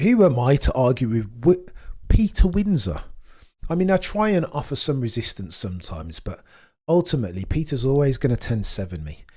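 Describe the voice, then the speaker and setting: A man in his thirties hosts a casual livestream, talking to his viewers in a mid-range, darkish voice with a breathy edge. He's chatty and self-mocking but sounds tired, restarting his sentences many times.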